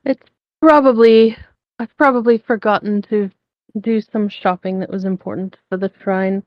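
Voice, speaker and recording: A woman's voice: medium pitch, steady tone, no echo, lo-fi sound, lightly acted. A woman voicing a hesitant female shrine diviner who halts and gropes for words. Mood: evasive. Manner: halting, groping for words.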